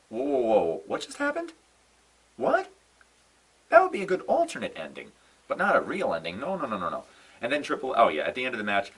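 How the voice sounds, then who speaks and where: A man's voice: fairly low pitch, breathy edge, recorded from a distance, low-quality recording. A young man giving a casual, exasperated rant to camera, sighing, repeating himself and stressing his letdown. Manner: exasperated, animated ranting with sighs and repeated "no"s. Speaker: wrestling fan vlogger. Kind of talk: casual ranting commentary.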